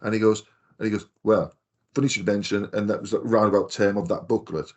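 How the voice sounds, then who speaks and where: Male podcast co-host, lowish voice, rambling anecdotal storyteller. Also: steady tone, fast talker, darkish tone. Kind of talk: casual chat.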